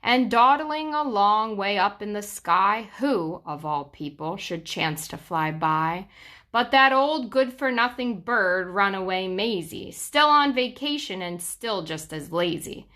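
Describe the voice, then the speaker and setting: A young woman reads a rhyming children's story aloud, taking her time and leaning into the rhythm. Her voice is bright and clear, with a lilting, sing-song flow. She lets the ends of lines fall low for effect. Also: animated. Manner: slow, sing-song rhyming delivery with dramatic drops. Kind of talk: children's book read aloud.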